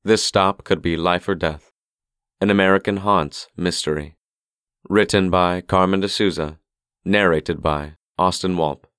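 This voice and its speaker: A man reading audiobook narration in a measured, steady way. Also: low-pitched, clean tone, no room sound, clean studio sound.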